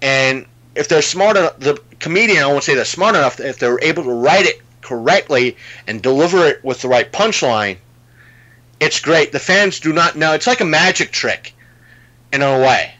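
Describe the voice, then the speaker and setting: A man's voice: a little high, expressive, normal speed, bright, forceful tone, dull audio. A man in a casual podcast chat, retelling a comedy bit in a rambling way, full of fillers and restarts.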